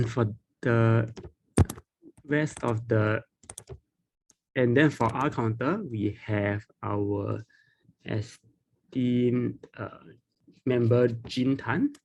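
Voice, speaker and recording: Halting man hosting an online meeting. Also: mid-range voice, fairly even intonation, slight background noise. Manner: halting, with restarts and throat clearing. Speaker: meeting host. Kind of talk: emceeing an online club meeting. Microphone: video call.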